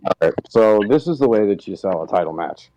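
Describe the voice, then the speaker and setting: A man co-hosting a podcast, reviewing a show segment with enthusiastic, measured analysis. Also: on the low side, expressive, mellow, no room sound, muffled recording. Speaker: podcast co-host. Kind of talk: casual post-show review.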